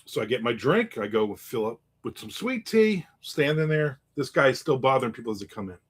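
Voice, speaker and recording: A man telling a story in a casual monologue, animated and acting out the people in it with raised voices. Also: medium pitch, brisk, husky.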